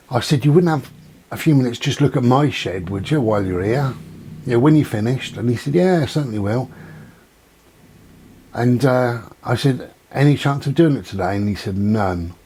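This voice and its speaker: This vlogger, whose accent isn't local to Dorset, delivers a casual monologue to camera at a moderate pace, his mid-range voice darkish, slightly rough and lively in intonation. He's a chatty teller of rambling anecdotes who performs the quoted exchanges between himself and others.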